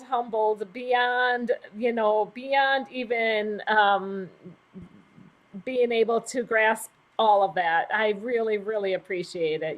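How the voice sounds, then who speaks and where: A middle-aged woman from the United States hosting a casual livestream, reading out viewer comments in a gushing, emotional way and laughing often. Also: a little high. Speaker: livestream host.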